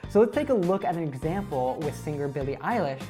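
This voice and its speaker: A woman narrating a scripted lesson on American accents in a clear, upbeat, explanatory way. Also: low voice, animated, fast, dark tone, faint music behind. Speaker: accent teacher.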